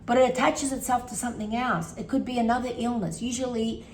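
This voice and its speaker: A woman's voice: on the high side, fairly even intonation, quick pace, slight background noise. A woman talking casually to camera as a wellness coach, emphatic and repetitive, acting out her own anxious thoughts.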